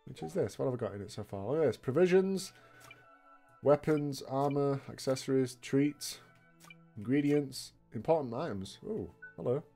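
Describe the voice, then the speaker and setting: A man's voice: medium pitch, expressive, moderate pace, vocal fry, warm tone, faint music behind. Laid-back man joking through gameplay. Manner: laughing often, swearing, joking asides. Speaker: let's play host. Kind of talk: gameplay commentary.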